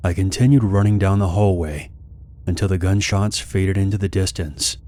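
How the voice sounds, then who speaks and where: Deep-voiced guy reading creepy stories, calm and steady. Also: moderate pace. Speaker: horror story narrator. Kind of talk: scripted narration.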